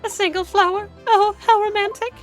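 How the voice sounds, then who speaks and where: A woman's voice: extremely high pitch, steady tone, moderate pace, faint music behind, pitched above the performer's own voice. A woman voicing a doting young sweetheart who gushes in a sugary, adoring, breathless way.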